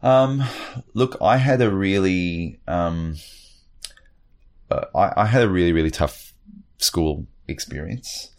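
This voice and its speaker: A man's voice: low-pitched, takes it slowly, a little mellow. A middle-aged man talking in an interview, hesitant, with many fillers and restarts. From Australia. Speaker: guest. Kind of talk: reflective interview talk.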